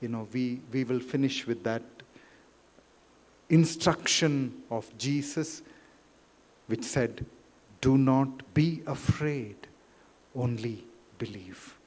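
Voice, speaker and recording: A man preaching a sermon in a church, rising loud for quotes and dropping quiet. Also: medium pitch. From India. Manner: slow, deliberate, rises loud for quotes then drops quiet. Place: church hall. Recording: reverberant church hall.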